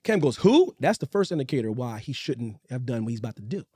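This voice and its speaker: A man's voice: quick pace, breathy edge. A middle-aged man co-hosting a podcast, telling a story in casual chat and acting out the quotes. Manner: animated, acts out quotes with big pitch jumps. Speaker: podcast co-host. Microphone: studio mic.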